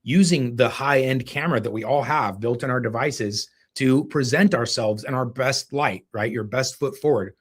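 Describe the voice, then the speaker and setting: A man in a casual live-stream tutorial, coaching his viewers directly and calling them guys. His pitch sits at an ordinary middle height for a man. He talks through a home phone setup in a relaxed, practical way. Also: normal speed, few pauses, slightly rough. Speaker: real estate video coach.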